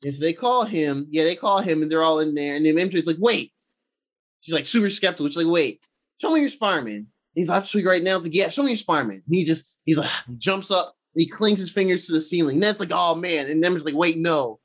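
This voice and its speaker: A man co-hosting a casual movie talk show, rambling excitedly and acting out scenes with lots of fillers. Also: on the high side, quick pace. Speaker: podcast co-host.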